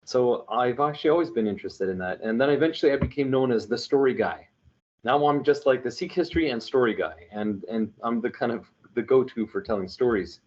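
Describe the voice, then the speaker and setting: Casual storyteller, male, from New Mexico: earnest, animated, rambling through his stories on a somewhat muffled recording. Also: mid-range voice, fairly quick. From New Mexico, United States. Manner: earnest and animated, with winding anecdotes and frequent restarts. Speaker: storyteller for an online religious media group.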